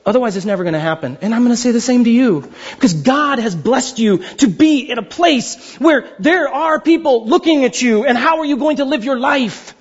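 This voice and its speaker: A man's voice: extremely high pitch, lively intonation, moderate pace, hardly any pauses, breathy edge, lo-fi sound. A man preaching a sermon as pastor, joking and acting out little dialogues.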